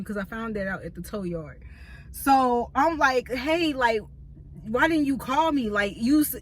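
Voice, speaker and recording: A woman in her thirties telling a story in a casual, slangy, animated vlog, talking from a parked car. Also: on the high side. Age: 30s. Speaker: vlogger. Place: parked car in a store parking lot.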